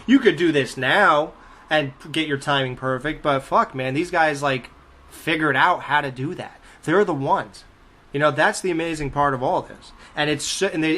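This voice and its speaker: A man hosting a casual chat about an old comedy film, swearing freely and laughing as he talks. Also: a little high. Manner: profane, animated, laughing as he talks. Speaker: podcast host.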